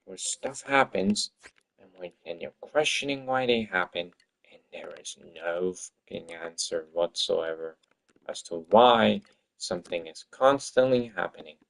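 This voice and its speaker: A man's voice: low voice, expressive, unhurried, vocal fry, a bit bright. A man streaming his game-development work, talking to himself in an exasperated, swearing rant. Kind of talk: livestream commentary while working.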